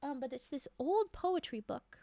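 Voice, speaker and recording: A high-voiced woman talks loosely and softly with her stream viewers, full of fillers and quick laughs. The sound is close and dry. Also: animated, vocal fry, dry recording. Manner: chatty and rambling, with frequent laughs and filler words; soft-spoken, drifting into quiet murmurs. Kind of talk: casual chat with stream viewers.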